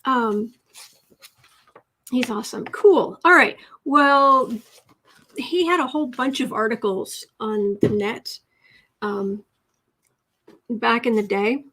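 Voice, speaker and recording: A woman's voice: a little high, slow, long pauses, bright, forceful tone. Chatty woman hosting a writing livestream. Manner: chatty, reads viewer comments aloud, self-correcting. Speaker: livestream host and writing coach. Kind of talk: casual livestream chat and writing lesson.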